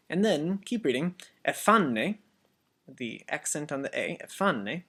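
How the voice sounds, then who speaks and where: Slow, deliberate Greek-lesson teacher. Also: medium pitch, lively intonation. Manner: deliberate, repeats each Greek word for drilling. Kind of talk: slow instructional voice-over.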